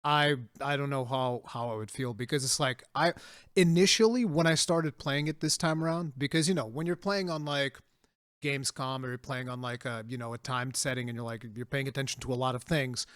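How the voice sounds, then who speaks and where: A man hosting a casual gaming podcast, telling animated stories and laughing often. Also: mid-range voice, brisk, clean tone, dry recording, clean studio sound. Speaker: podcast host.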